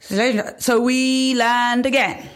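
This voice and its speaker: A woman's voice: on the high side, fairly even intonation, slow pace. A woman, a former flight attendant, telling an anecdote in casual chat with a laugh in her voice. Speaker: guest, former cabin crew.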